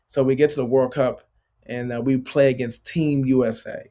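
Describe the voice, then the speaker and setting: A basketball player in his late thirties, guesting on an interview, talks at a normal speed in a mid-range voice. His casual storytelling is loose and animated, packed with filler like "like" and "bro."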